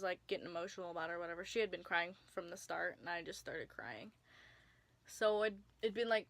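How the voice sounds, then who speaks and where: Bright-voiced young woman telling a story. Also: mid-range voice, dry recording. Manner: chatty, lots of "like" fillers, drops to whispers for emphasis. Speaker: vlogger. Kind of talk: casual storytime vlog.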